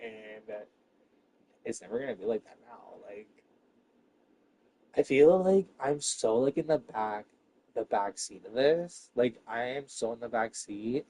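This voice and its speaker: A man ranting to his viewers in a rambling, profane monologue, swinging between loud bursts and hushed asides. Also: medium pitch, slight background noise.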